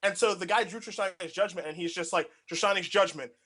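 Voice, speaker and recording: Young man, casual chat, rambling, filler-heavy, slightly high-pitched. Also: fast, fairly bright tone. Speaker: podcast co-host.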